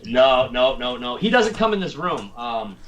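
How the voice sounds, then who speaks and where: A man's voice: medium pitch, big pitch swings, unhurried, a bit bright, highs cut off. Man, casual host, rambling talk, repeats himself, light background hiss. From Tennessee. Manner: rambling, laughing, repeats words. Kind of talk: casual livestream chat.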